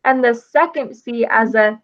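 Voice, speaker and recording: Woman in online class, high voice, slow careful explaining, muffled call sound. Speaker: class participant. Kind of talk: casual online class talk. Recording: muffled video call audio.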